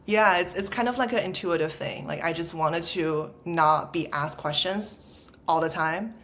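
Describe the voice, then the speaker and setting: A woman's voice: lowish voice, measured pace, fairly bright tone, slight background noise. A woman in her thirties with a Los Angeles Valley girl accent, a podcast guest chatting casually and scattering "like" through her sentences. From China. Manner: chatty, peppered with "like" fillers. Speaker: podcast guest, startup founder. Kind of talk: casual conversational interview.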